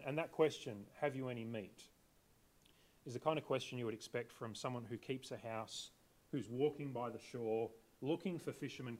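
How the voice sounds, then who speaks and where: Male preacher, mid-pitched, chatty sermon delivery that poses questions to the congregation. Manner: conversational, asks the congregation questions.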